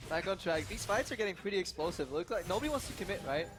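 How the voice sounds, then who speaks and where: 억양이 풍부한 남자 해설자. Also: male voice, high-pitched, fast. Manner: laughing, animated analysis. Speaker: esports analyst. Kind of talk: color commentary.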